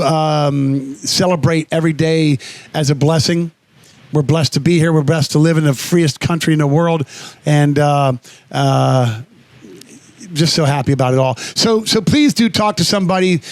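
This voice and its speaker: A man's voice: on the high side, dry recording. A man co-hosting a radio show in casual chat, earnest and rambling, with frequent restarts and the odd blunt swear word. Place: Florida radio studio.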